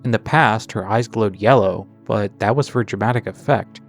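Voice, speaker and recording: Male video essayist with a lowish voice, chatty and a little sarcastic, over faint music. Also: normal speed. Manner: chatty, wanders into tangents and sarcastic asides. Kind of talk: game character analysis narration.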